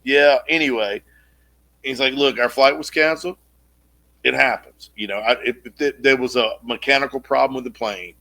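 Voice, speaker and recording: A man co-hosting a casual podcast, telling a long story in an animated way and acting out the quotes, with casual swearing. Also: medium pitch, normal speed, vocal fry. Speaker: podcast co-host.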